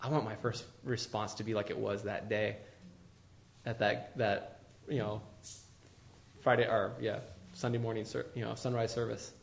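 A man preaching a sermon, moving between loud, urgent calls and hushed, low appeals. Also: flat delivery, moderate pace, vocal fry, long pauses, a little hiss or hum. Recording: roomy echo.

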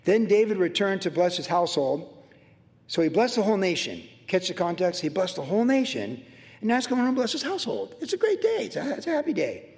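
A middle-aged man, a pastor, teaching the Bible verse by verse with animated storytelling and acted-out quotes. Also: sits high, quick pace, long reverb tail.

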